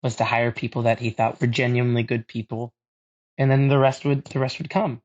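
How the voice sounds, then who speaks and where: A man's voice: mid-range voice, level tone, fairly quick. A man, an actor guest on a podcast, telling his story candidly in casual chat with many restarts. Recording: slightly dull, lo-fi sound.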